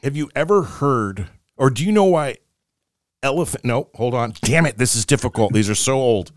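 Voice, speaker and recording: A middle-aged man co-hosting a casual podcast, telling dad jokes in a playful, animated way. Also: medium pitch, moderate pace, no room sound, clean studio sound. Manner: jokey, animated storyteller, acts out voices in jokes.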